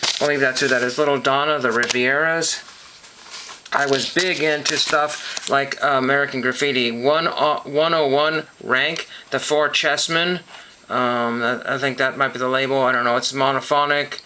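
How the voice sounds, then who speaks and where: A man with a middle-pitched voice rambles through his record collection, stopping often with ums and correcting himself. Steady clicking and shuffling of sleeves sits clearly behind his talk. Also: moderate pace, slight background noise, poor audio. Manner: rambling, hesitant, full of ums and self-corrections. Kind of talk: casual show-and-tell monologue.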